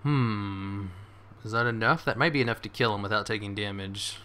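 A man giving excitable live commentary on his game, swearing and cheering his moves as he plays. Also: fairly low pitch, slow. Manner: excitable, swears, laughs often. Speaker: gaming streamer.

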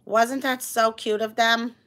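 A woman's voice: fairly high pitch, flat delivery, measured pace, fairly bright tone. A middle-aged woman with a New York accent hosting a casual livestream on a phone, gushing and greeting viewers by name. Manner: gushing, reads viewer comments aloud. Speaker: livestream host.

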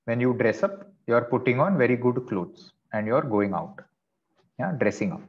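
A man's voice: medium pitch, lively intonation, moderate pace, lo-fi sound. A man teaching vocabulary in an online class, explaining patiently with chatty asides. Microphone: video call.

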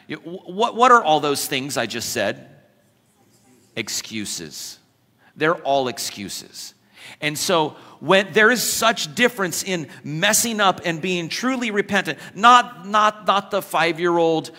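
A man's voice: a little high, expressive, takes it slowly, bright, forceful tone. A man preaching a sermon as pastor, joking with the congregation and acting out quoted voices. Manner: acts out quoted voices with humorous asides. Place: church. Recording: long church hall reverb.

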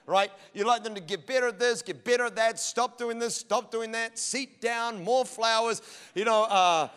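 A man's voice: very high voice, normal speed, a bit bright, clean tone. Male pastor, middle-aged, humorous sermon storyteller, echoing church auditorium. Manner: humorous storytelling, acts out dialogue. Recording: long church hall reverb.

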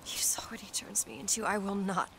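A woman's voice: mid-range voice, level tone, brisk, gravelly, fairly bright tone, whispered. An actress voicing a determined young woman companion in a game cutscene, clipped and steely. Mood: defiant. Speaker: game character.

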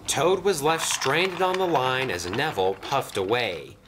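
A man narrating a children's toy train story in an expressive storybook style. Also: medium pitch, a little slow, background noise. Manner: lively, expressive.

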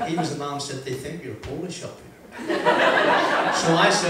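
An older man with a broad Northern Irish accent tells a funny story to a crowd, his voice sitting a little high for a man. He sounds a long way from the mic, and his words ring around a big echoey hall over faint noise. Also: moderate pace, distant mic. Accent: Northern Irish, Ballymoney. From Northern Ireland. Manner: broad, lively anecdotal delivery, acting out dialogue. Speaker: motivational speaker. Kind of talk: humorous storytelling speech. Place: event venue with audience.

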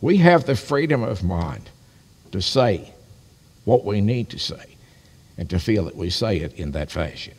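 A man's voice: lowish voice, expressive, a little slow, long pauses, a little mellow, slightly rough. An older man, a pastor, preaching a sermon in a folksy, storytelling way with friendly asides. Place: church sanctuary. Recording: live-streamed church service with long reverb.

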